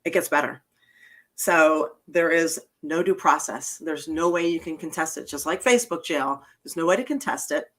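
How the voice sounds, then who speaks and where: Bright-voiced emphatic woman host. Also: deep voice, moderate pace. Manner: emphatic, blunt, swears freely. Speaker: podcast host. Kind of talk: casual political podcast chat.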